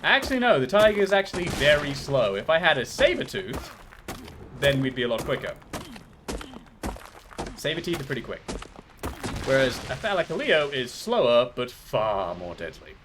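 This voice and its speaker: A man's voice: mid-range voice, sing-song, moderate pace, long pauses, noisy background. A man streaming a game live, chatting casually and rambling off into trivia tangents. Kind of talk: casual gameplay commentary.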